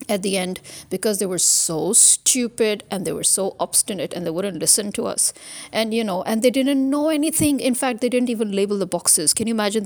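A woman, telling a camera what happened when she went to vote, in an exasperated, indignant way. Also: medium pitch. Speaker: voter recounting election day. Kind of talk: casual storytelling to camera.

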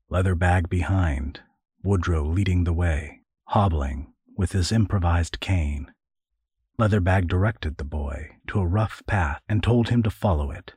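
A man narrating a storybook adventure in a measured, storytelling voice. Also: low-pitched, darkish tone, breathy edge, no echo, clean studio sound. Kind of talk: audiobook narration.

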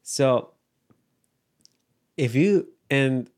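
A man hosting a podcast, asking a guest questions in a relaxed, encouraging way. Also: mid-range voice, extremely slow. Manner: relaxed, encouraging, lots of short backchannels. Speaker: podcast host. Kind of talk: casual podcast interview.

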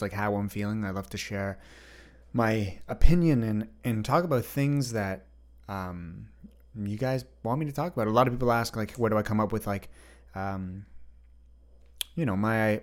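A young man hosting a solo podcast, chatting freely and rambling straight to his listeners. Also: lowish voice. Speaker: podcast host. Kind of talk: unscripted solo podcast chat.

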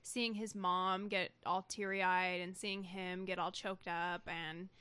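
A woman's voice: on the low side, flat delivery, slow pace, bright, forceful tone, clear, resonant tone, dry recording. A woman co-hosting a casual podcast, talking earnestly and reading news stories aloud. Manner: emotional, earnest. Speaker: podcast co-host.

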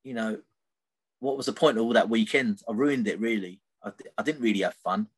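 On a podcast, a middle-aged guest with a slightly rough voice on the low side speaks briskly about something personal. His story rambles, is packed with fillers, and many sentences close with "right?".

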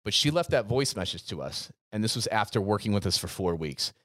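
A man's voice: on the low side, sing-song, a little fast, fairly bright tone, no echo, clean studio sound. A man co-hosting a podcast, talking earnestly and emphatically about coaching gym owners, often repeating himself. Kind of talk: casual podcast chat.

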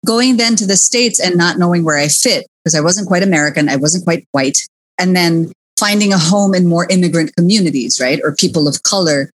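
A Filipino woman hosting a podcast discussion, talking in a lively way and dropping Filipino words into her English. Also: lowish voice, a little fast. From Philippines. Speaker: podcast host. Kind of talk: casual discussion.

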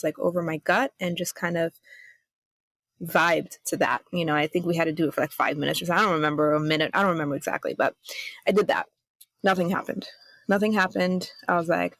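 A woman's voice: lowish voice, no echo. Chatty young woman, dry close sound. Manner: candid, chatty, skeptical self-aware storytelling. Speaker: podcast host. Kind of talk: casual personal storytelling.

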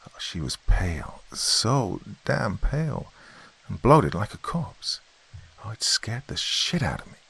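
A man's voice: lowish voice, wildly swooping pitch, unhurried, gravelly, a bit bright, breathy edge, heavily acted. A man voicing a protective, stubborn uncle in a spoken horror story, talking in an urgent, shaken way.

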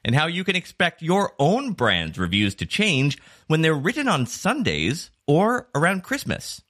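A man hosting a digital marketing news podcast, reading scripted segments with clear, varied emphasis. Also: fairly high pitch, wildly swooping pitch, unhurried, a bit bright. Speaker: podcast host.

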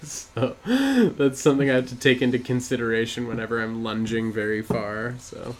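A man's voice: mid-range voice, lively intonation, moderate pace, a little hiss or hum. A man co-hosting a podcast in casual chat, rambling and laughing through crude banter. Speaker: podcast co-host.

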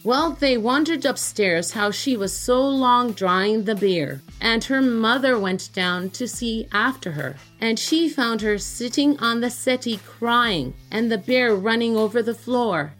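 A woman hosting a podcast, reading an old folk tale aloud in a lively storytelling manner. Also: fairly high pitch, a little slow, few pauses, faint music behind. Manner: lively read-aloud, lifting her voice for characters' cries. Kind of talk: storytelling narration.

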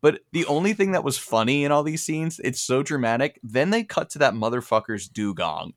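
A man co-hosting a casual podcast. He retells scenes with animated energy and salty language. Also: medium pitch, moderate pace. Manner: animated, profane storytelling. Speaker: podcast co-host. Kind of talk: casual chat.

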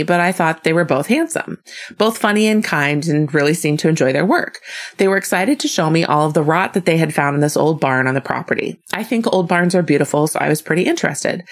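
Lower-pitched woman reading a letter aloud. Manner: animated, breaking into laughter. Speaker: podcast co-host.

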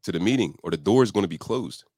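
Through a studio podcast microphone with clean sound and no echo, a man talks fast and expressively in a darkish tone. This accountability coach speaks emphatically and motivationally, jumping in pitch to act out his inner voice.

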